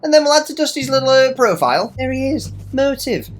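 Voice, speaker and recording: A woman's voice: high-pitched, big pitch swings, a little fast. A woman playfully narrating a video game, swearing freely and reading the characters' lines aloud. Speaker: let's play host. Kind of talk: casual gameplay commentary.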